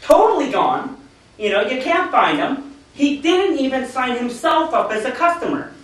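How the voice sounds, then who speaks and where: His voice is very high-pitched and sing-song, a bit bright, and measured in pace. He's a business opportunity speaker running a motivational seminar for an audience in a meeting room, animatedly telling stories and playing the people he quotes. The sound is echoey, captured from a distance.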